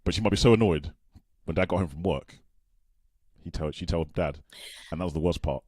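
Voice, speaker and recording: A man's voice: low voice, a little fast, darkish tone, no room sound, clean studio sound. An English man co-hosting a casual livestream chat, playful, reading viewer comments aloud. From England. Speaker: co-host.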